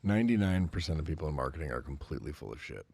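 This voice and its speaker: A man guesting on a podcast, telling profane stories with animated energy and frequent laughter. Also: a bass voice, rapid-fire, creaky, breathy edge, dry recording. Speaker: guest, company representative. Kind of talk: casual podcast chat.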